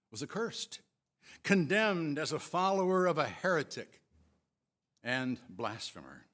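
Slow, lively-voiced male preacher. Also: medium pitch. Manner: expressive, emphatic storytelling. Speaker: pastor. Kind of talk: sermon.

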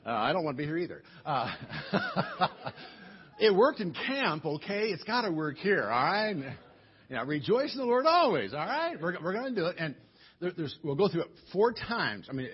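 A man's voice: on the high side, big pitch swings, a little fast, breathy edge, lo-fi sound. A male pastor giving a sermon in a church, coaxing the congregation into singing with a chatty, joking manner. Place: church sanctuary.

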